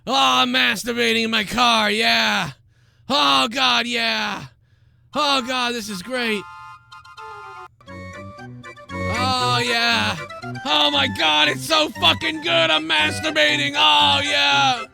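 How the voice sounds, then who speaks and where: Guy doing a high squeaky moaning creep, yelling oh god over and over, gravelly edge. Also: steady tone, slow, long pauses, over music, full character voice. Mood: ecstatic. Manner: moaning, shouting, high strained voice. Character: crude man pleasuring himself, ecstatic, loud.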